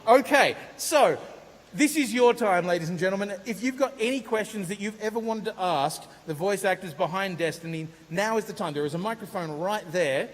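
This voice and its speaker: A man hosts a live convention panel on a large hall stage, staying upbeat and repeating audience questions aloud. His voice is high-pitched and brisk, and the recording carries convention hall reverb with faint hiss.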